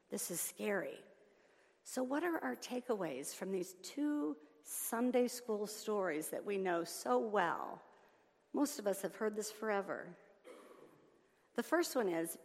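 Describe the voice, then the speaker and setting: Woman preaching a sermon in a church, gets loud then goes real soft, long echo in the hall. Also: mid-range voice. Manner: animated, swings between loud emphasis and soft hushed lines. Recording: long reverb of a large hall.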